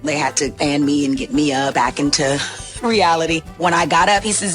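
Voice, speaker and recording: A woman breathlessly recounting an anecdote, gushing with excitement. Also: lowish voice, normal speed, faint music behind. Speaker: singer. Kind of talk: talk show anecdote.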